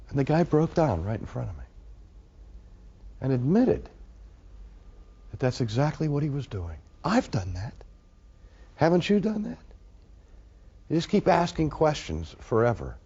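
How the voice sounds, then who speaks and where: A man's voice: mid-range voice, sing-song, a little slow, pauses often, dark tone, slightly rough. A male preacher delivering an emphatic sermon, with rhetorical questions to the audience, in a dull lo-fi recording.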